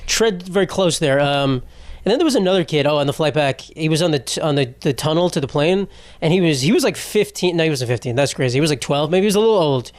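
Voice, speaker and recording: A podcast host with a highish, lively voice talks fast through a rambling comedic monologue of profane stories, laughing at his own jokes. There's no room sound.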